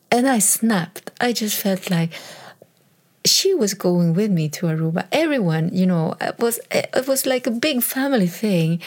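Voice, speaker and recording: A woman's voice: fairly low pitch, moderate pace, gravelly. A woman in her fifties talking candidly about her own life, earnest, often repeating and restarting phrases. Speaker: mother sharing personal reflections. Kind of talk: candid personal storytelling.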